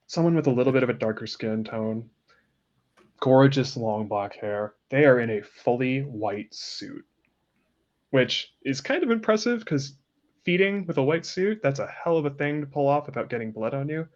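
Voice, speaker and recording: Game master guy describing scenes, chatty and amused, muffled lo-fi mic. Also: medium pitch. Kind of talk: narrating a tabletop game. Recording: dull lo-fi sound.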